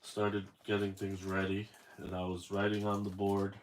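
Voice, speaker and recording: Low-voiced man rambling through an unboxing. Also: completely flat delivery, normal speed, slight background noise. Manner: rambling, self-correcting storyteller. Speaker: toy collector unboxing figures. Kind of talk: casual unboxing chat.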